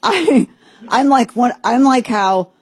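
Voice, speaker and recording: A woman's voice: fairly low pitch, lively intonation, normal speed, mellow, breathy edge, no echo. A woman hosting a podcast, giving chatty, sarcastic, rambling commentary. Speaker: podcast host. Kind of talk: opinionated casual commentary.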